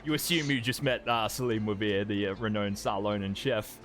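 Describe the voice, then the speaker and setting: A man's voice: lowish voice, steady tone, moderate pace, fairly bright tone. A man narrating as game master of a tabletop game, describing scenes in a rambling way with many ums and restarts.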